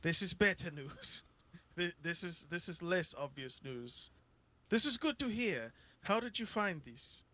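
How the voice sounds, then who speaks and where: A man voicing a formal guard lieutenant who answers a radio call in a crisp, officious manner. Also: high-pitched, lively intonation, measured pace, pushed and bright, full character voice. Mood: dry.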